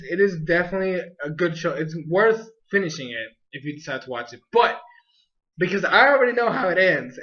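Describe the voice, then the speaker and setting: Young guy with a high voice rambling about an anime, lots of um and like, kinda dull lo-fi audio. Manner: rambling, excitable, lots of fillers. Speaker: anime reviewer. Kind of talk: casual video review.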